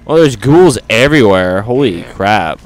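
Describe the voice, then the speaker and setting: A man commentating on his gameplay in a goofy, jokey way, with loud exclamations. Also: lowish voice, lively intonation, measured pace. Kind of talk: let's play commentary.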